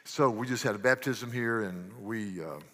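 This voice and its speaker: A pastor preaches a sermon in a fairly low, fairly bright voice at a normal speed. He's earnest, asks rhetorical questions and often restarts his sentences, with long church reverb around him.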